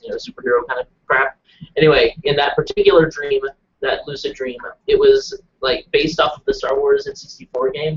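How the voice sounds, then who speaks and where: A man's voice: a little high, vocal fry. A man chatting casually on a live stream, rambling and self-deprecating. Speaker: show regular. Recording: dull lo-fi webcast audio.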